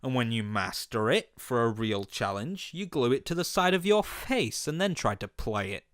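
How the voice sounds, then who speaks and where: A man's voice: medium pitch, sing-song, normal speed, fairly bright tone. A man giving comedic cartoon-review commentary in an incredulous, sarcastic and profane manner.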